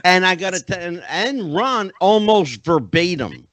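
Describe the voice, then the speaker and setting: A man hosting a podcast, chatting in an animated way with many asides. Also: high-pitched, unhurried, no room sound. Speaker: podcast host. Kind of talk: casual interview chat.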